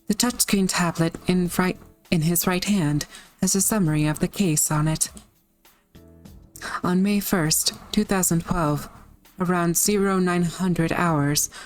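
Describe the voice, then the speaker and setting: Young woman kinda tired, rambly with lots of ums, low-ish voice, music in the back. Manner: chatty and rambling, many fillers, hesitant. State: sleepy, just woke up. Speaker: story reader. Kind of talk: casual chat and reading a game story aloud.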